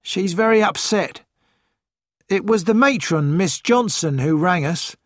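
Guy doing a dutiful sergeant, higher voice, reporting slowly, dry sound. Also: lively intonation, no echo. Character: dutiful male police sergeant.

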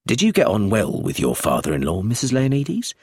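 A man's voice: on the low side, wildly swooping pitch, brisk, darkish tone, breathy edge, no echo, studio quality, full character voice. A man voicing a polite, methodical police inspector in a read story, speaking in a businesslike way.

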